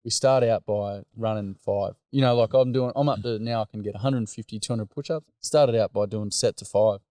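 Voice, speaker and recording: A man's voice: on the low side, normal speed, warm tone, no room sound, studio quality. An Australian man, a workshop facilitator, telling stories in candid, blokey casual chat.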